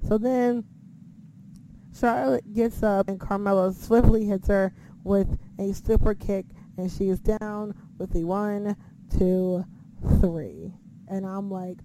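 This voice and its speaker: A woman with a mellow, warm tone talks through a casual recap. She swears often and acts out her own reactions as she goes. A faint noise sits under her voice. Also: medium pitch, slow, long pauses, rough recording. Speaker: wrestling recap host.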